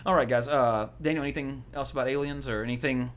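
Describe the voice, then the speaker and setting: A man rattles through a rambling story on a podcast. He talks quickly and casually, often breaking into laughter. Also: mid-range voice, steady tone. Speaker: podcast co-host. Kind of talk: casual chat.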